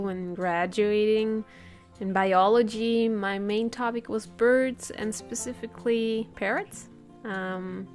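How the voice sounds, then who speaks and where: Slow, chatty woman with faint guitar. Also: medium pitch. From Central Europe. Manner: rambling, chatty, laughs often. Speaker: art vlogger. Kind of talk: casual chat while painting. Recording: faint guitar music behind.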